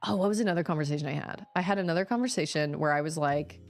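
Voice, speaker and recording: A woman's voice: low-pitched, racing, faint music behind. A woman gaming streamer in casual, rambling storytelling, acting out the people she quotes. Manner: animated, acts out other people's voices in quotes; chatty, rambling, with many restarts.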